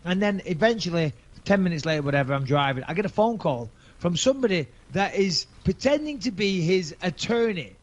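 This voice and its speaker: A man in his forties with an English accent, a podcast host telling a story in casual chat, profane and animated, acting out both sides of phone calls. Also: high-pitched, a little fast, few pauses, dull audio. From England.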